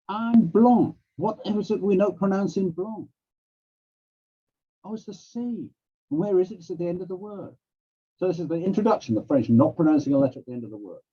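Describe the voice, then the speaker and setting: A man, a language teacher, giving a workshop presentation over a video call. He acts out classroom prompts, and his voice leaps up and down as he demonstrates. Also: breathy edge. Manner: animated, acts out classroom prompts with big pitch swings. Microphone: video call microphone. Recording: dull, lo-fi video call audio.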